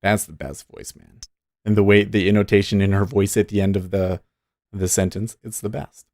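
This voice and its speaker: Low-voiced man chatting while day trading. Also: steady tone, moderate pace, a little mellow, no echo. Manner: chatty, thinks aloud, cheers on the market. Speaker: day trader streamer. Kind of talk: live trading commentary.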